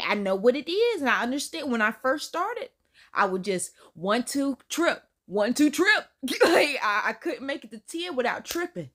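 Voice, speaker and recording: Woman reaction host, casual and incredulous, higher voice, very lively pitch. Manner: chatty, incredulous, talks straight to viewers.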